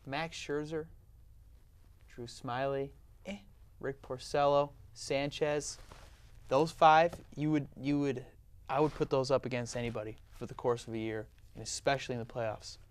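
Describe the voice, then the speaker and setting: A man's voice: mid-range voice, steady tone, unhurried, clear, resonant tone. A man hosting a casual sports talk show, teasing his guests as he talks. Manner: teasing, joking. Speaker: host.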